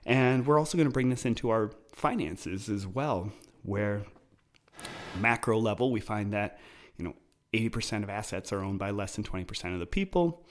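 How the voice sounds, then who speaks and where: A man's voice: on the low side, expressive, normal speed. A man hosting his own podcast, talking casually and explaining ideas through personal stories. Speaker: podcast host. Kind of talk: casual solo podcast talk.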